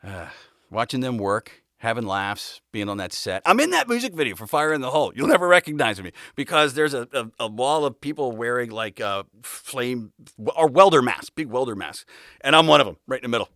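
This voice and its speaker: A man's voice: medium pitch, big pitch swings, brisk, fairly bright tone, no room sound, clean studio sound. A middle-aged man hosting a podcast, telling rambling backstage anecdotes with frequent laughs and acted-out quotes. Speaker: podcast host. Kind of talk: casual storytelling.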